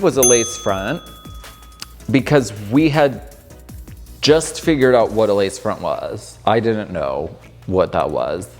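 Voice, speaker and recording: A man's voice: medium pitch, darkish tone. A man in his thirties, a drag performer casually reacting to his old footage, chatty and amused. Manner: chatty, amused, lots of filler "like". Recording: long room reverb with faint music.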